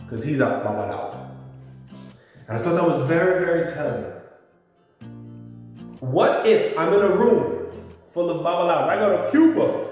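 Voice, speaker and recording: A man's voice: on the high side, very echoey, long reverb tail, far from the mic. A man talking informally to his viewers as a YouTuber, explaining words and spelling them out. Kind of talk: casual monologue to camera.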